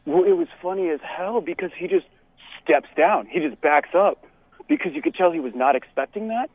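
A man's voice: sits high, normal speed, vocal fry, no echo. A young man from Texas, telling a story in casual podcast chat, laughing often. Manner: animated, laughs often, many fillers. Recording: tinny phone-like sound.

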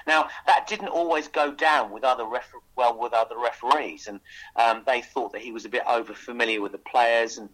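A man's voice: mid-range voice, fairly quick, fairly bright tone, low-quality recording. A man chatting as a guest on a radio show, his mid-range voice rising and falling as he tells stories. He restarts his sentences often and pushes ahead with eager enthusiasm. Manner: enthusiastic storyteller with frequent restarts. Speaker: author guest. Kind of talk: casual radio interview chat.

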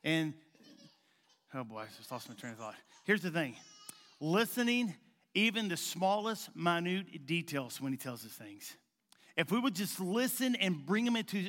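A male pastor preaching in a folksy, rambling way, at times dropping to a soft coaxing tone. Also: fairly high pitch, very animated, moderate pace. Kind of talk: sermon. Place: church sanctuary. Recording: long hall reverb.

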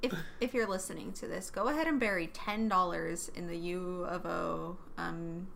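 A woman's voice: lowish voice, moderate pace, gravelly, fairly bright tone. A young woman co-hosting a podcast in casual chat, throwing in playful, jokey remarks. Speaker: podcast co-host. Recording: faint background noise.

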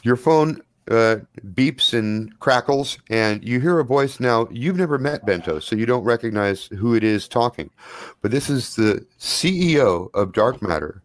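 A man narrating a tabletop role-playing game as game master, in a relaxed, loose way with plenty of fillers. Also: medium pitch, measured pace, dry recording.

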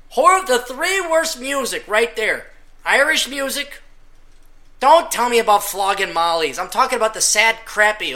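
A man's voice: high-pitched, very animated, moderate pace, bright, forceful tone. A man hosting a podcast, ranting casually and sarcastically, breaking into mocking sung parodies. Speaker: podcast host.

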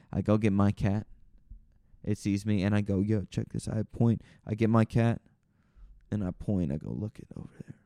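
A man's voice: on the low side, mellow, clear, resonant tone, dry recording, studio quality. A man hosting a podcast, telling a long casual story in a rambling, self-correcting way. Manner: rambling, self-correcting, tells an anecdote with lots of "I was like". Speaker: podcast host.

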